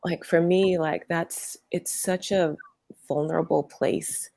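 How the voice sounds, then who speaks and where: Low, gravelly-voiced woman guest. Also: fairly even intonation, takes it slowly, a little mellow, no echo. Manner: meandering, hesitant, many fillers and restarts. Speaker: workshop teacher, interview guest. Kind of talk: conversational interview.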